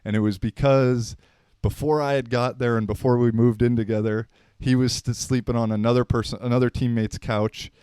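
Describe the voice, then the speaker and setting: Chill guy in his 30s rambling through old stories, smooth voice, dry close sound. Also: medium pitch, steady tone, moderate pace, darkish tone, no room sound. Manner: laid-back, slangy, rambling with fillers. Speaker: podcast host. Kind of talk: unscripted casual storytelling.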